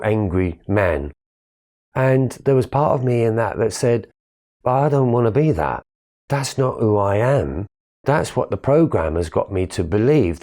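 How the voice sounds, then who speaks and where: A man's voice: on the low side, mellow. A man giving a candid, earnest spiritual talk about his own life, swearing casually as he tells it. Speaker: spiritual speaker. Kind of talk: reflective personal monologue.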